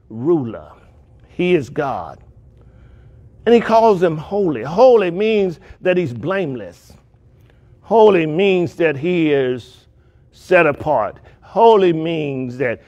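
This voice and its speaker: A man preaching a sermon in a church, building his repeated lines into rising, pleading cries. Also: on the high side. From United States. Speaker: pastor. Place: church sanctuary.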